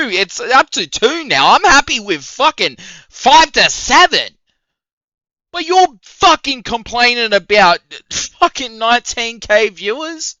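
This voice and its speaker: A man rants on his stream with a swinging, animated pitch and a bright, forceful edge to his voice. He swears constantly and sounds incredulous and mocking. The sound is dry and a little dull, like a modest home mic. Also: takes it slowly, dry recording. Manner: profane, heated and incredulous, with mocking laughs. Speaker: streamer reacting to a clip. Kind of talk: ranting reaction commentary.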